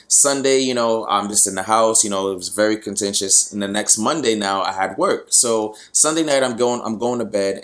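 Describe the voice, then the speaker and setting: A man's voice: on the low side, fairly bright tone. A young man hosting a podcast, telling a personal story in a frank, casual way, with lots of fillers and some swearing. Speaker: podcast host.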